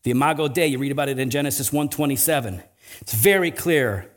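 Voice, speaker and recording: A man's voice: mid-range voice, fast. A male pastor preaching a conversational sermon, often tossing in "right?" asides and building to emphatic swells.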